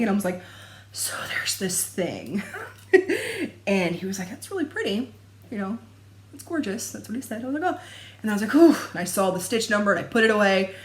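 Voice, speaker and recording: Chatty, rambling woman, roomy sound. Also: medium pitch. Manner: chatty, rambling, laughs often. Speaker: cross-stitch vlogger. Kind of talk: casual chat to camera. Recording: echoey room.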